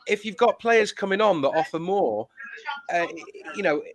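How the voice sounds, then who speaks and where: A man's voice: high voice, lively intonation, moderate pace. A man hosting a football fan phone-in, talking in a hesitant, searching way with many fillers. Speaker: fan channel host. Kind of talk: casual phone-in chat.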